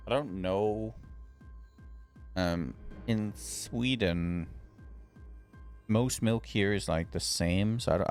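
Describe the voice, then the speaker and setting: A man's voice: low voice, darkish tone. A man streaming live, chatting casually and answering his chat in a rambling, grumbling, offhand way.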